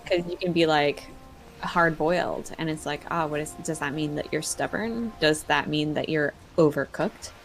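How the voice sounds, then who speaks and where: A woman's voice: low-pitched, normal speed, soft background music. Playful woman hosting a game stream. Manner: playful, reads chat aloud. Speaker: stream host. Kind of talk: casual gaming stream chat.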